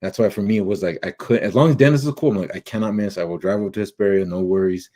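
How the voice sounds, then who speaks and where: Animated low-voiced man telling family stories. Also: quick pace. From Mexican American family. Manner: animated storyteller, acts out quotes of family members. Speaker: podcast host. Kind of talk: casual storytelling chat.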